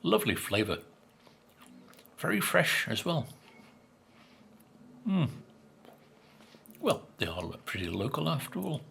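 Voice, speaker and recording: An older man reviews biscuits in an easygoing vlog, musing with many fillers and at times speaking with his mouth full. His mid-range voice swoops wildly in pitch and is creaky and fairly bright, and he speaks unhurriedly, pausing often, against slight background noise.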